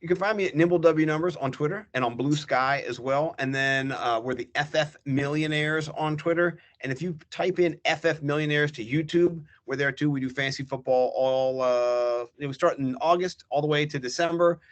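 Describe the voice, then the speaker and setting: A middle-aged man, a fantasy football guest on a podcast, ranting in animated, profane casual chat. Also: on the high side, moderate pace, few pauses.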